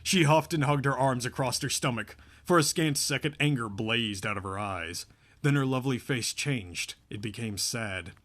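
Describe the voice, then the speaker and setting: A man narrating a novel aloud in a steady, even way. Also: mid-range voice, normal speed. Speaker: audiobook narrator. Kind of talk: scripted narration.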